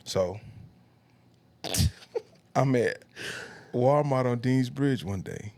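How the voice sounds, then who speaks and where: A man, telling comic stories on a podcast with laughs and big pitch jumps. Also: animated, drawn-out words, darkish tone, no room sound. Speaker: comedian guest. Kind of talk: podcast storytelling.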